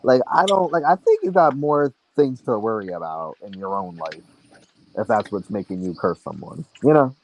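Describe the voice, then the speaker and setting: A man's voice: fairly low pitch, animated, normal speed, darkish tone, lo-fi sound, a little hiss or hum. A young man co-hosting a casual chat, rambling and chatty with many restarts. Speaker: podcast co-host.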